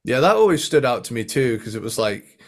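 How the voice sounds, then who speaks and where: A man's voice: medium pitch, big pitch swings, fairly quick. A man co-hosting a podcast, chatting casually and with enthusiasm, humming guitar riffs and swearing freely. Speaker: podcast co-host. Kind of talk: casual chat.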